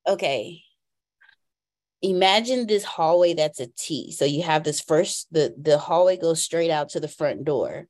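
Blunt low-voiced woman telling a story. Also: a little slow, darkish tone. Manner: blunt, slangy, matter-of-fact. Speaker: guest on a call. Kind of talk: casual storytelling.

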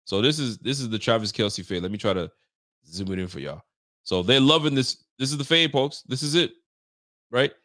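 A man hosting a casual live stream, reacting with incredulous, animated talk and frequent laughter. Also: mid-range voice, fairly quick, no room sound, clean studio sound. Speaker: show host.

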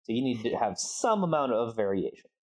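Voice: mid-range voice, sing-song, a little fast, darkish tone. A game master explaining the rules of a skill check to the players, step by step, with many fillers. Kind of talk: running a tabletop game session.

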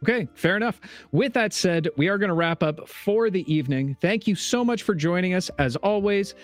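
This is a man with a high, very animated voice, hosting and running a live tabletop game. He delivers the closing narration and giveaways as an upbeat showman, over faint music. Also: moderate pace. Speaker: game master and host.

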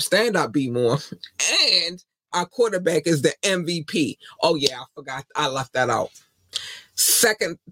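A man's voice: a little high, a bit bright, dry recording. A man from Baltimore with a Baltimore accent, hosting a podcast in a casual monologue, passionate and defiant, repeating his points. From Baltimore, USA. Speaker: podcast host.

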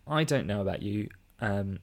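Low-voiced male co-host, relaxed film chat, theatrical when reading quotes. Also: normal speed. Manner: reads reviews aloud with mock emphasis, laughs often. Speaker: podcast co-host. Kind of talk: casual film review chat.

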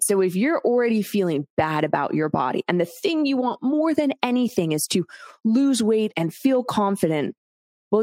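A woman's voice: medium pitch, a little mellow, dry recording. Straight-talking woman host, talks right to the listener, dry booth sound. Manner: blunt and candid, swears casually, addresses the listener directly. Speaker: podcast host. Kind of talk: solo podcast monologue.

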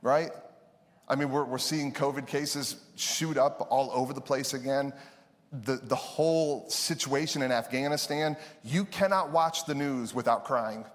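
A male pastor giving a conversational, animated sermon in a church, laughing often. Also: medium pitch, measured pace. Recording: reverberant church hall.

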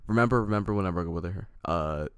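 A young man with a very deep, low voice rambles through a story in casual chat, restarting his sentences and voicing both sides of an argument. He sounds close and completely dry, with no room sound at all. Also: fast, smooth, dry recording. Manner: rambling, restarts often, acts out both sides of text exchanges.

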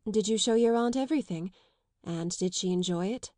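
A composed, kind but weary young lady, read by a woman speaks in an audiobook. Her words come calm, gentle and measured, in a mid-range voice recorded dry and close. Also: medium pitch, dry recording, natural voice. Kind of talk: audiobook character reading.

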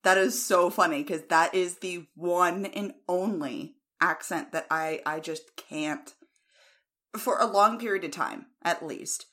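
Low-voiced American woman, frank and chatty. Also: takes it slowly, fairly bright tone. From United States. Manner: frank, opinionated, laughs easily. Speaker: podcast co-host. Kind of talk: casual chat.

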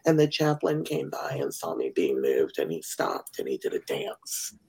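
A woman hosting a podcast interview, talking softly and often slipping into a whisper. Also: extremely low pitch, big pitch swings, moderate pace, vocal fry, poor audio. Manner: soft-spoken, often trailing into a whisper. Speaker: podcast host and burn survivor. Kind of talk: casual interview chat.

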